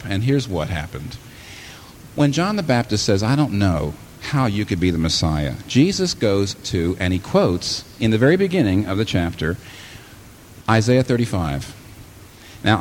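A man's voice: on the low side, darkish tone, slight background noise. A man preaching a sermon, who acts out imagined listeners and speaks as Jesus, building to exclamations.

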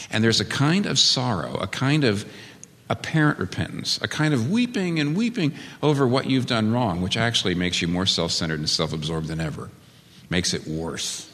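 A man preaching a sermon as pastor, his voice leaping up for emphasis and dropping low to make a point. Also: a bit bright, big-room sound.

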